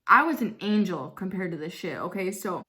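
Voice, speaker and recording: Blunt, bright-voiced young woman. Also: lowish voice, expressive, brisk. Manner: fills speech with "like", swears freely; blunt and outspoken. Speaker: vlogger. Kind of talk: casual storytime.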